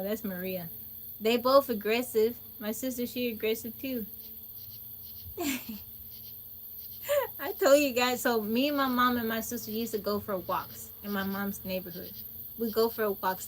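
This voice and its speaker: A woman livestreaming, telling stories in a casual, animated way, laughing often and acting out what people said. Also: mid-range voice. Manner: folksy, speaks to viewers directly. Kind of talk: casual storytelling chat.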